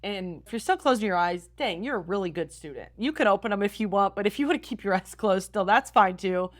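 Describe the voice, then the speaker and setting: A woman's voice: medium pitch, lively intonation, a little fast. An upbeat young woman hosts a motivational podcast. She talks straight to her listeners and coaches them along with plenty of encouragement. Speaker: podcast host and style coach.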